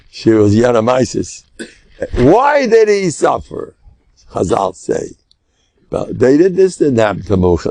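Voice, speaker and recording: An older man, a rabbi, teaching a lesson through lively storytelling, with Hebrew and Yiddish words mixed in. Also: fairly low pitch, creaky, no echo.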